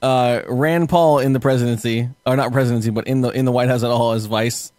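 A young man riffing on a casual podcast, cursing freely and breaking into laughter as he acts out his own reactions. His voice sits at an ordinary pitch, recorded close and dry with no room sound. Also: fairly even intonation, fairly quick, darkish tone, dry recording. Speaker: podcast co-host.

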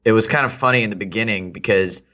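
A man's voice: fairly low pitch, fast talker, bright, forceful tone, dull audio. A man in his thirties from Texas, a guest in a casual interview, reflecting aloud with many fillers and restarts. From Texas, United States.

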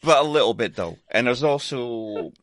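A man's voice: mid-range voice, lively intonation, moderate pace, fairly bright tone, no echo, clean studio sound. A Scottish man chatting casually on a podcast, laughing often and swearing in a self-deprecating way. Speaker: podcast guest presenter. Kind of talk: casual chat.

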